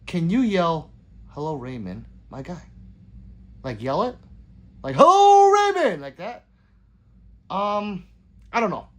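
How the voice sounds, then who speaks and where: A man's voice: fairly high pitch, big pitch swings, slow, pauses often. A man hosting a casual livestream, rambling and joking as he reads viewer comments aloud. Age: adult with children. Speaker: livestream host reading chat.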